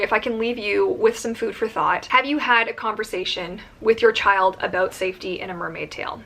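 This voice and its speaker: With a mid-range, slightly bright voice over a little hiss or hum, a woman speaks to camera about her line of work. She is earnest and emphatic, shows open anger, and rattles off points in quick bursts.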